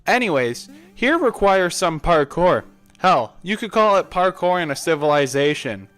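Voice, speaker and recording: A young man with a fairly high voice narrates his way through a video game, blunt and opinionated, dropping crude jokes in passing. Soft game music plays underneath. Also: very animated, moderate pace. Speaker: gameplay narrator. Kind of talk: casual gameplay narration.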